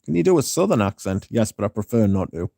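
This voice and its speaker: Dry-witted man with a dark, mellow voice. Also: on the low side, very animated, quick pace, gravelly, no room sound. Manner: dry, sardonic banter with chat. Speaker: livestream host. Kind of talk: casual livestream chat, reading viewer comments aloud.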